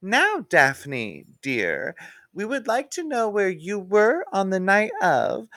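A man's voice: high voice, wildly swooping pitch, takes it slowly, a bit bright, no room sound, clean studio sound, voice pushed up, heavily acted. A man voicing a sweet, fussy woman police trainee who keeps calling people dear. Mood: insistent. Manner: calls everyone dear, chirpy.

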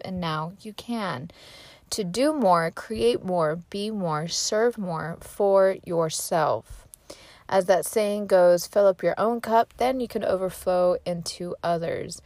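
A woman's voice: on the low side, no room sound. A woman giving a casual motivational talk, candid and rambling, with lots of "like" and "right?" fillers.

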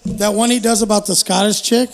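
Brief: male co-host, high and raspy, relaxed crude banter. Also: brisk. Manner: laid-back, crude, drops f-bombs. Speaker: podcast co-host. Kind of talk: casual chat.

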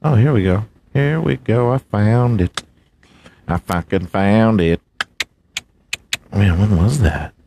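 A man's voice: lowish voice, slow pace, gravelly, long pauses, dark tone, a little hiss or hum. A man hosting a casual solo podcast who jokes and swears freely, slipping into a mock race-announcer voice. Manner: profane, joking, swings into a big announcer voice. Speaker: podcast host.

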